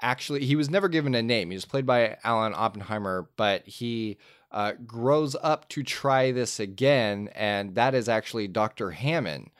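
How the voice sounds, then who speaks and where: A man's voice: medium pitch, normal speed, clean tone, dry recording, clean studio sound. A man chatting casually about movies, rambling through a fan theory with lots of fillers. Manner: rambling, animated storytelling with fillers. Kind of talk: casual film discussion.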